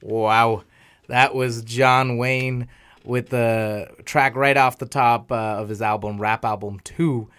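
A man hosting a casual music review chat, excitable and quick to laugh. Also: mid-range voice, clear, resonant tone. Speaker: podcast host.

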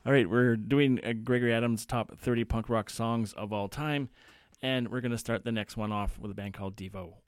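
A man hosting a radio music show, relaxed and plain-spoken as he chats and introduces the next songs. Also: mid-range voice, fairly quick, few pauses, clear, resonant tone, dry recording.

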